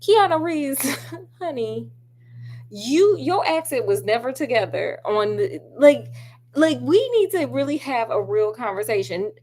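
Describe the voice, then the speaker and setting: A woman's voice: sits high, big pitch swings, unhurried, a little mellow, slight background noise. A woman chatting casually about a film with lots of asides, talking straight to her viewers while she does crafts at home. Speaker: film reviewer.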